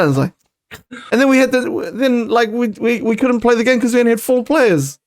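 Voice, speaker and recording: A man's voice: very high voice, animated, a little fast, a little mellow. A young man hosting a casual chat, telling stories animatedly and swearing freely. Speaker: podcast host.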